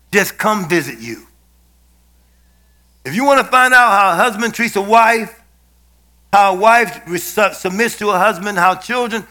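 A man's voice: high-pitched, bright, forceful tone. A man, a bishop, preaching and telling a personal story to his congregation, asking them to fill in answers. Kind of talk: sermon with storytelling.

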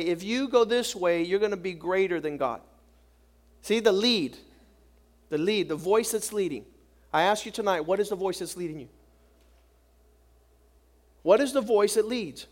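A man preaching a sermon with passion, acting out the voices of scripture and often repeating words as he starts a thought. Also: very high-pitched.

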